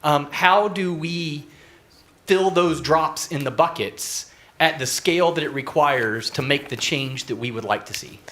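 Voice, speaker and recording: A young man from Northeast Texas stands up in the audience to ask a question. His voice is bright and tense, and he talks haltingly, full of fillers. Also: fairly high pitch. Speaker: audience member asking a question.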